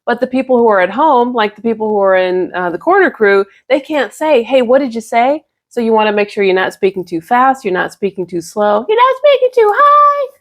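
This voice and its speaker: A woman's voice: a little high, fairly quick, few pauses. A woman who works as a news reporter, explaining her job to a child in an upbeat, playful, emphatic way.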